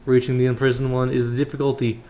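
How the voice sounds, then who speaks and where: A man's voice: mid-range voice, fast talker, natural voice. A man reading a fatherly old monk. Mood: instructive. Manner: calm, fatherly, calls the listener child. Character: wise older male monk elder.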